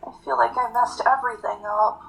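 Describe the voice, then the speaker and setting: A woman voicing an emotional young cat-girl adventurer in a high, wavering, earnest way. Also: fairly even intonation, brisk, creaky, low-quality recording. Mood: tearful.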